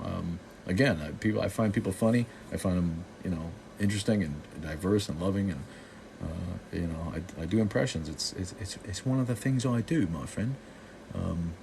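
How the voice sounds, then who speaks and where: Deep-voiced man rambling on a livestream. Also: darkish tone, slight background noise. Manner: rambling and sardonic, full of restarts and fillers. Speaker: show host. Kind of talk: casual livestream talk answering chat.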